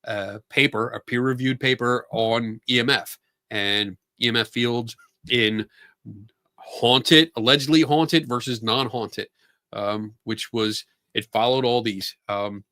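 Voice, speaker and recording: A man's voice: fairly low pitch, steady tone, a little slow, pushed and bright, dry recording, clean studio sound. A man with a Philadelphia accent and a stuffy nose hosts a casual livestream chat from a room at home. He rambles and halts, stumbling over restarts and laughing often. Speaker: podcast host.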